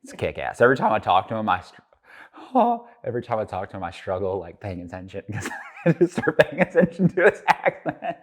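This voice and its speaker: A man's voice: lowish voice, big pitch swings, brisk. A man vlogging casually, joking around, swearing often and rambling. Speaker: car vlogger. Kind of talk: casual vlog talk.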